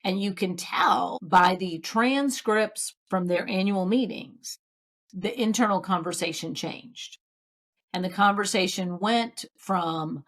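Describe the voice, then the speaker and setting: A woman's voice: fairly low pitch, moderate pace. A middle-aged woman, an author and consultant, telling stories in a casual podcast interview and acting out what people said. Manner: lively storyteller who acts out what people said. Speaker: guest, author and sales consultant.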